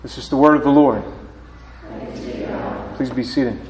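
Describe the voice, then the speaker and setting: Slow-preaching pastor in a reverberant church. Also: male voice, mid-range voice, very noisy. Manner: slow, deliberate preaching with halting restarts. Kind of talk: sermon with scripture reading. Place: church sanctuary. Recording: roomy church reverb, voice from a distance.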